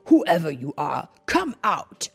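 A woman playing a hot-headed male brawler from a storybook, shouting gruffly and impatiently. The voice is pushed lower than her own, with a rough, gravelly edge, and faint music sits behind it. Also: huge pitch swings, slow, heavily acted. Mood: angry. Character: tough angry male echidna brawler. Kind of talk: storybook read-aloud voice.

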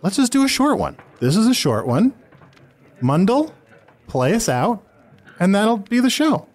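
A man's voice: high voice, very animated, measured pace, darkish tone. A man hosting an improvised comedy podcast, playful and exclamatory. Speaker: podcast host.

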